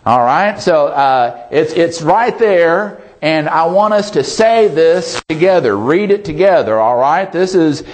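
A man preaching a sermon, halting with many fillers and restarts, slowing down and rising for emphasis. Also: on the high side, lively intonation, poor audio. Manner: slows and rises for emphasis. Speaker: pastor.

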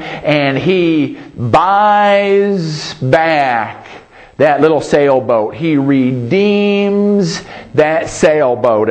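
A man preaching a sermon at a slow, unhurried pace, in a voice of average pitch. He tells a homespun story, often restarting his phrases, and turns to his listeners with "Amen?". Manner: folksy storytelling with frequent restarts and asking "Amen?".

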